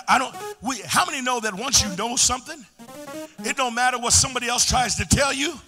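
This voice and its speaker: A man preaching a sermon in call-and-response style, chanting and building to shouts. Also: very high-pitched, brisk, faint music behind.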